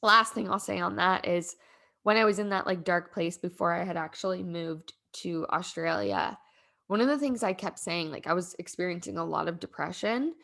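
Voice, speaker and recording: Young female podcast host, low-ish voice, casual and rambling, emotional and heartfelt. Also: normal speed, gravelly, a bit bright. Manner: rambling, heartfelt, frequent "like" fillers. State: emotional, near tears. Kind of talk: casual personal storytelling.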